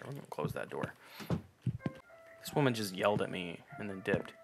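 A man's voice: on the low side, animated, moderate pace, long pauses, bright, forceful tone, faint music behind. Profane, sarcastic young man gaming. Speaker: gamer. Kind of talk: let's play commentary.

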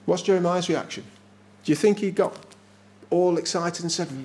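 Gravelly English preacher, emphatic sermon. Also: male voice, a little high. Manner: emphatic, often slowing to stress words. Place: small village chapel.

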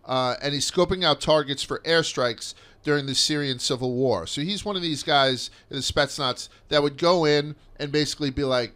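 Podcast host, male, 30s, bright tone, mid pitch, loose and profane storytelling. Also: moderate pace, few pauses. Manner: rambling, profane, with lots of fillers. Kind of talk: casual podcast chat.

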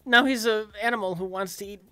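A man's voice: high voice, fast, pushed and bright, clean tone, faint music behind. A man in a casual movie commentary, making dry, critical remarks. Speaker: film commentary host.

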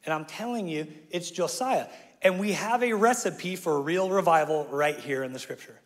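A man's voice: high-pitched, moderate pace. A male pastor preaching a sermon in a casual, slangy way, acting out the people in his story and laughing often. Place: church auditorium. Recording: live hall with long reverb.

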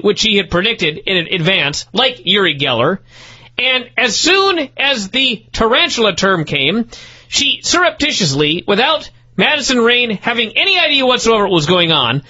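Male podcast host, bright and animated, sarcastic and profane, husky edge, dull lo-fi sound. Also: sits high. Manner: profane, mocking, storytelling. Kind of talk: sarcastic wrestling recap.

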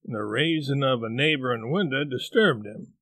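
A man narrating a classic novel in a measured, deliberate storytelling manner. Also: mid-range voice, a bit bright, no echo. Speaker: audiobook narrator. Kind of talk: audiobook narration.

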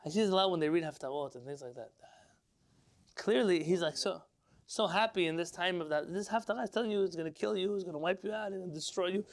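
Middle-aged guy rabbi giving a class, gravelly voice, kinda high, keeps asking the room questions. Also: fast talker. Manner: lively, rhetorical, asks the class questions. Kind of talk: informal Torah lesson to a live class.

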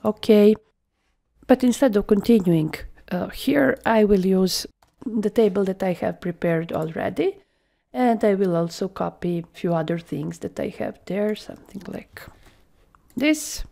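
Slow gravelly-voiced woman trainer. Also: mid-range voice, warm tone. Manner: thinks aloud while clicking, trailing half-whispered asides. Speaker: software trainer. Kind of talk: screen-recorded software tutorial.

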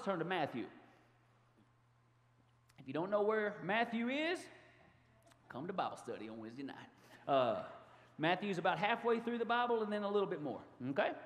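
A man preaching a sermon to his congregation, animated and given to sudden loud outbursts. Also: sits high. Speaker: pastor. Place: church sanctuary. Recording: long hall reverb.

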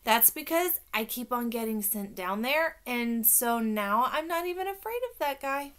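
High bright woman reading a kids' book. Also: expressive, normal speed, clear, resonant tone. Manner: childlike, playful. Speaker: audiobook narrator. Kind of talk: first-person children's audiobook narration.

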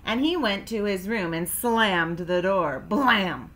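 A woman's voice: mid-range voice, unhurried, fairly bright tone. A woman teacher reading a children's storybook aloud expressively, with playful sound effects.

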